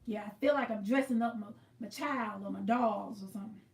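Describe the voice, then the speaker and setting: A woman with a high, bright-sounding voice chats her way through a quilting livestream, talking viewers through each step. She sits a little away from the mic, and the room around her echoes. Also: a little fast, recorded from a distance. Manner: chatty, greets viewers by name, explains as she works. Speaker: livestream host. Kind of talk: casual livestream chat while quilting.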